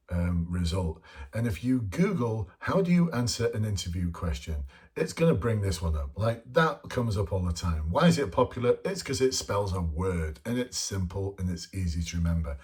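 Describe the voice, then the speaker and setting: A man's voice: on the low side, a little mellow. A man talking casually and bluntly as a police interview coach, informal and chatty, with mild swearing. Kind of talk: casual spoken lesson to camera.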